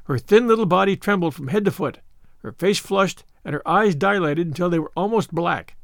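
A man's voice: sits high, normal speed, vocal fry, no echo, studio quality. Man reading a classic novel aloud. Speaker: audiobook narrator. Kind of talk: scripted narration of a classic novel.

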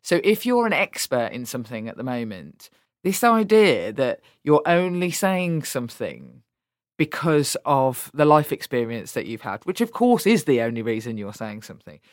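A woman with a Birmingham English accent talks candidly in an interview. She is blunt and animated and swears freely. The sound is dry and close. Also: extremely low pitch, normal speed, no room sound. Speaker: politician guest.

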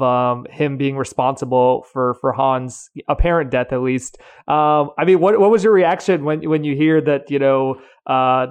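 A man's voice: mid-range voice, smooth. Easygoing male podcast cohost. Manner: easygoing, meandering questions. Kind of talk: casual interview.

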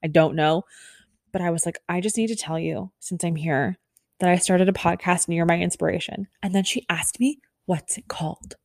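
A young adult woman podcaster telling a self-deprecating story in a casual, animated way. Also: lowish voice, fairly quick, gravelly, no room sound, studio quality. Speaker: podcast host.

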